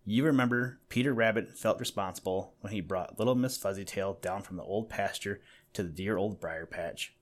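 Low-voiced man reading a storybook. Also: normal speed, hardly any pauses. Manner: gentle, addressing the listener. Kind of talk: storybook narration.

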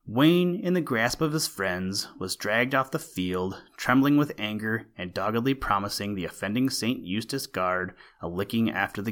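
A man narrating an old-fashioned school story in a steady, expressive reading. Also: fairly low pitch.

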